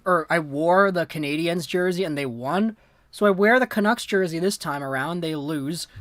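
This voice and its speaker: A woman hosting a livestream, giving excitable live reaction commentary and talking to viewers in the chat, swinging from low muttering to shouted disbelief. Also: no echo. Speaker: livestream host.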